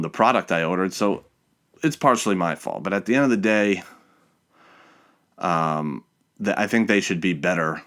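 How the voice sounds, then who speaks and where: A man's voice: low voice, fairly bright tone. A young man hosting a podcast, telling a story in an exasperated way and swearing often. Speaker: podcast host. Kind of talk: casual storytelling monologue.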